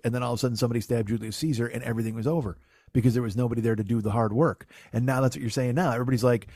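A man's voice: mid-range voice, steady tone, very fast, mellow, no echo. Podcast guy ranting sarcastic and sweary, mid voice, dead dry room. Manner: sarcastic, profane, jokey rants. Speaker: podcast host. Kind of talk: casual comedic banter.

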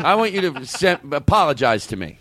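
A man's voice: a little high, a little fast, a crowd in the background. A man hosting a casual comedy podcast, joking and laughing with his guest. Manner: animated, laughing, jokey. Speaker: podcast host.

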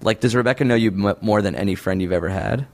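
A man's voice: fairly low pitch, fast talker, darkish tone. A man hosting a casual chat, joking, asking questions and swearing freely.

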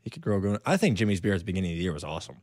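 A man's voice: low-pitched, very animated, very fast, darkish tone, no room sound, clean studio sound. A man co-hosting a podcast in casual chat, laughing often and telling stories with bursts of silly voices. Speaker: podcast co-host.

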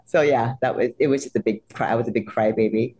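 A woman, a soap opera actress and guest, retelling stories in a casual interview. She talks animatedly and laughs a lot. She acts out her own excited reactions in quotes. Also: very deep voice, fast talker. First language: not English.

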